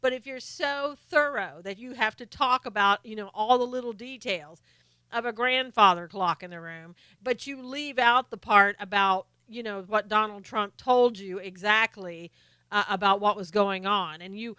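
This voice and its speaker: A woman's voice: medium pitch, moderate pace, sharp tone, clear, resonant tone, dry recording. A middle-aged woman hosting a live stream, chatting casually and sarcastically about politics while greeting viewers by name.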